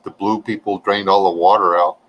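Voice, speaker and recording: A man's voice: deep voice, level tone, fairly quick, lo-fi sound. A man, chatting casually and joking with viewers on a livestream. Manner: folksy, joking, reading chat aloud.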